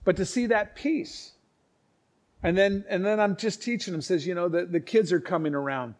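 A man preaching, telling stories in an earnest, halting way with many restarts and acted-out quotes. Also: high voice, fairly even intonation, a little mellow. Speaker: pastor. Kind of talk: sermon storytelling.

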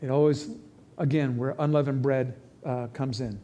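A man preaching a sermon as pastor, in a conversational, animated way, acting out quotes. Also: mid-range voice, normal speed, dull audio.

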